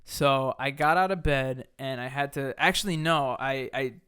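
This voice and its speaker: A man co-hosting a podcast, telling a story in casual, animated chat and swearing freely. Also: mid-range voice, normal speed, clean tone. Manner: animated, swearing, acts out people's lines in raised voices. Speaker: podcast co-host.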